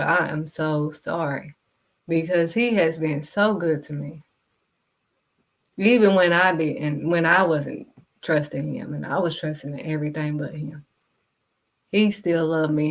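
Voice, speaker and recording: Blunt woman preaching to camera. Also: deep voice. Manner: blunt, direct, scolding, refuses to sugarcoat. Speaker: vlogger and kids' modeling teacher. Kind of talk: preachy faith talk to camera.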